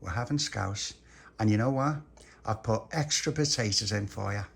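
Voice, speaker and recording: A man voicing a fond but scolding mother who talks briskly. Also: lowish voice, creaky. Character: bossy, fond working-class mum.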